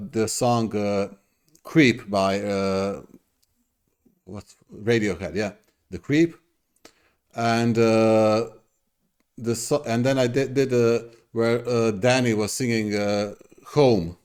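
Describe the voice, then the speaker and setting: A man's voice: fairly low pitch, darkish tone. A middle-aged man hosting a reaction video, talking casually in an effusive, rambling way with many restarts.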